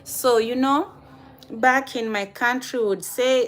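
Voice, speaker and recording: A woman with a Kenyan accent hosts a relaxed live stream, speaking to her viewers one by one. Her voice sits a little high. She takes her time over every phrase. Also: slow pace. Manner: chatty, addresses viewers directly by name. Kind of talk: casual live stream chat.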